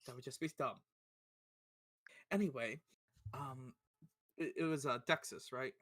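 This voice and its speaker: Bright-voiced man playing a tabletop game. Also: medium pitch, a little slow. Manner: laughing, rambling with fillers. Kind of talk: casual tabletop role-play narration.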